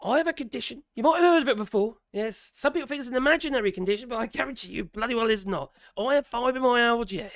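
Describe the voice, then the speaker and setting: A man's voice: very high voice, quick pace, few pauses, fairly bright tone, no room sound, studio quality. A man with a Norfolk accent and strained, worn vocal cords, ranting to camera in a casual vlog, swearing and giggling as he goes. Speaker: vlogger. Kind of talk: casual opinion rant to camera.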